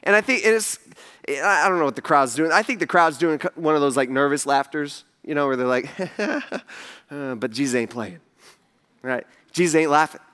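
A man preaching a sermon as pastor, casual and emphatic, with lively asides to the congregation. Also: on the high side, normal speed.

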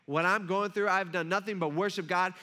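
A man's voice: high voice, steady tone, brisk, pushed and bright. A man voicing Job, a suffering man protesting and pleading with God in a sermon retelling.

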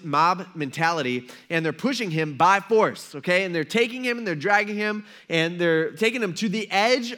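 A man's voice: sits high, pushed and bright. A young man preaching a sermon in a casual, joking way, acting out the people he talks about. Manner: casual, joking preacher who acts out quotes. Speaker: pastor.

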